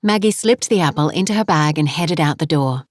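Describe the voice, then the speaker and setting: A woman narrating a romance novel in a calm, even storytelling manner on a close studio mic. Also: low-pitched, fairly quick, no room sound. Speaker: audiobook narrator. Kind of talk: scripted narration.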